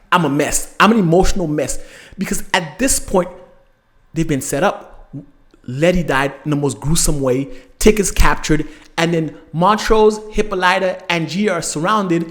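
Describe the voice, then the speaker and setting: A man hosting an episode recap, retelling scenes with lively, emotional reactions. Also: fairly high pitch, moderate pace. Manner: animated, emotional storytelling with acted-out reactions. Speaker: host.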